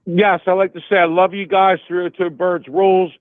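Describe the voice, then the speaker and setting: A man's voice: high voice, flat delivery, fairly quick, no room sound. A man from Delaware calling in to a sports show, ranting emphatically and repeating his points. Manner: fired-up, emphatic, repeats himself. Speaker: caller. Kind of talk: fan call-in rant. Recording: tinny phone line.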